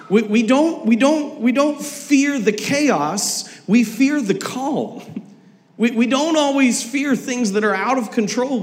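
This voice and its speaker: Male pastor, lively sermon, acts out quotes for laughs; bright high voice carried by a reverberant church hall. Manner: animated storytelling, acting out quotes with humor. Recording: long reverb of a large hall.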